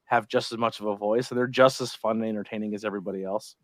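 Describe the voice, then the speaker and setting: A man's voice: lowish voice, fairly even intonation, fast, fairly bright tone, no echo. A man hosting a podcast in casual chat, joking and blunt, swearing freely. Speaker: podcast host.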